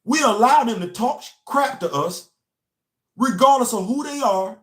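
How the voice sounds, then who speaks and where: A young American host with a very high, animated voice speaks at normal speed through an impassioned monologue. He preaches emphatically and returns to his key lines again and again, with echo in the room.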